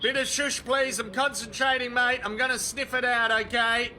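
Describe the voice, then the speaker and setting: A man's voice: very high voice, steady tone, normal speed, sharp tone, heavily acted. A man voicing a cheeky male dog who chatters as a cocky Australian bloke in a comic voiceover. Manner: cocky, jokey, chatty running commentary.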